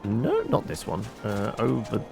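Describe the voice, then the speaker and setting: A man's voice: fairly low pitch, huge pitch swings, a little slow, vocal fry, over loud music. A man commentating over a game he plays, with wry, mumbling asides and many fillers. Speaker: let's-play host. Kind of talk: gameplay commentary.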